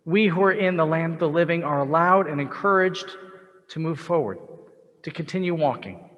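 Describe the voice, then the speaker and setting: A man, a rabbi, giving a sermon with a story, in a measured, reflective way with pauses. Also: a little high, fairly bright tone. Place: synagogue sanctuary. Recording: long reverb of a large sanctuary.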